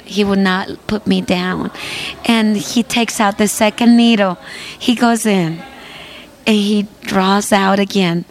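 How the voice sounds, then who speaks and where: A woman guest singer telling an earnest personal faith testimony, repeating phrases for emphasis. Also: medium pitch.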